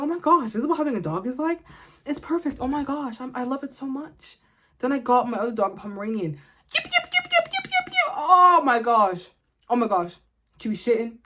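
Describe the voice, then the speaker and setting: A woman vents straight to camera in a blunt, exasperated, comic rant. Her voice sits a little high. The talk is loose and casual, like a vlog. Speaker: vlogger.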